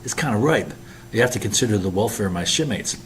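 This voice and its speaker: A man's voice: fairly low pitch, animated, fast talker, a little hiss or hum, close to an everyday voice. A man reading a joking, lazy young sailor who talks flippantly.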